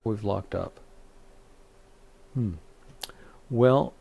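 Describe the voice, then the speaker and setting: A man's voice: lowish voice, drawn-out words, vocal fry, warm tone, breathy edge, muffled recording. A man, a rabbi, teaching a Torah study, reading scripture aloud and explaining it with frequent restarts and fillers.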